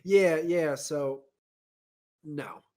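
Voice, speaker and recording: A man in his thirties, a podcast co-host telling stories in casual chat on a remote call, animated and laughing often. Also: fairly high pitch, drawn-out words. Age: 30s. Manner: animated, acts out quoted voices, frequent laughter. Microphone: home mic on a remote call.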